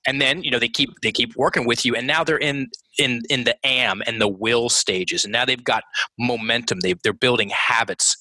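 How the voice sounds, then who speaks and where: A man talking as a guest coach in a podcast interview, animated, with many restarts and quick acted-out quotes. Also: medium pitch, no room sound, low-quality recording.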